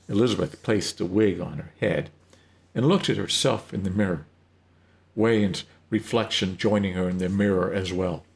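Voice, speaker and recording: A man narrating a story in an unhurried reading, with occasional slips. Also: low voice, vocal fry.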